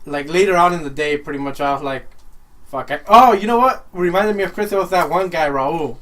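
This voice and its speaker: A man's voice: fairly high pitch, a little fast, fairly bright tone. A young man in a casual chat with friends, laid-back and laughing often, with lots of filler words. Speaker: podcast regular.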